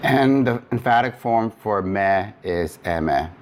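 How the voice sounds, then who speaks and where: A man's voice: fairly low pitch, animated, takes it slowly, a little hiss or hum. A man teaching Greek grammar in a recorded lecture, explaining step by step with frequent fillers and restarts.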